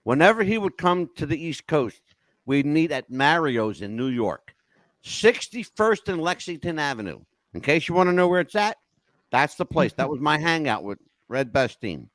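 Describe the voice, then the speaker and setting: An older man hosting a podcast, telling animated stories in an emphatic way and checking in with "okay?" as he goes. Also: fairly high pitch, normal speed, no room sound. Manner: emphatic, keeps asking "okay?". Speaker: podcast host. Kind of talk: animated storytelling chat.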